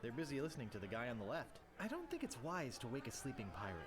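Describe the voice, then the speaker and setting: An eager, naive young would-be pirate, earnest and a little awkward. He talks quickly with a lively, bouncing pitch. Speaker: game protagonist.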